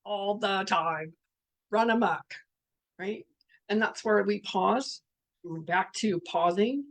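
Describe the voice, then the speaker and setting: A woman's voice: medium pitch, slow pace. Middle-aged woman facilitator, earnest and blunt, spiritual talk delivery. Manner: candid, earnest, swears, reads out participants' messages. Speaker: workshop facilitator.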